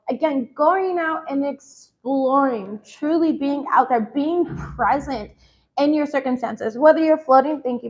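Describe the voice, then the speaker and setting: A woman's voice: sits high, a little mellow, rough recording. A woman chatting casually as she gives a tarot reading, peppered with "like" and "you know". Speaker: tarot reader.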